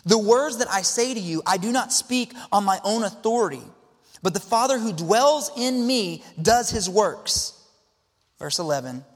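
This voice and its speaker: A man preaching a sermon with a high, light voice that carries through a church with long reverb. He is expressive, sinking to quiet, reflective passages and then lifting into exclaiming ones. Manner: expressive, swinging between hushed and exclaiming. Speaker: pastor. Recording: long reverb of a large hall.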